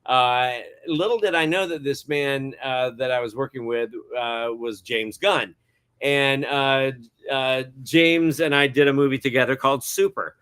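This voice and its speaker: A man's voice: mid-range voice, a little slow, a bit bright, clear, resonant tone. Rambling middle-aged man telling stories. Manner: rambling, many hesitant fillers, chuckles often. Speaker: guest cinematographer. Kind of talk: casual interview storytelling.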